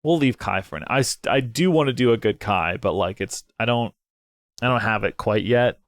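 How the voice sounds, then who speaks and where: A young man casually narrating his way through a story game, thinking out loud, excitable and prone to swearing. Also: medium pitch, normal speed, no room sound. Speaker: game let's player. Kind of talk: casual gameplay commentary.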